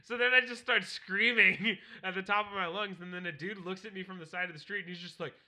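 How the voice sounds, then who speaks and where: Bright high-voiced man, loud crude banter. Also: steady tone, quick pace. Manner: loud, laughing, profane storytelling. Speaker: podcast co-host.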